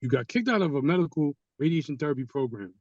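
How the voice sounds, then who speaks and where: Animated male storyteller, dark timbre, dry and slightly dull recording. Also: a little high, quick pace, dry recording. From Haitian community. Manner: animated, acts out quoted people. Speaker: guest storyteller. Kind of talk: casual storytelling. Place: studio.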